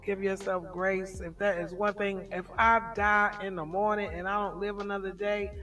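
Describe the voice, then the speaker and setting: A middle-aged woman hosting a casual livestream chat, telling stories in an animated way and laughing often. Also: mid-range voice, normal speed, recorded from a distance, faint music behind. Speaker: livestream host.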